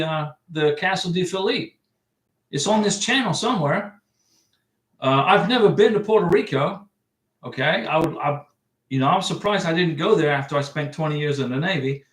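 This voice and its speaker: Chatty middle-aged man, echoey room. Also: on the high side. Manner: chatty, rambling, frequent restarts. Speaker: livestream host giving visa advice. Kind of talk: casual livestream chat reading viewer comments. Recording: echoey room, distant mic.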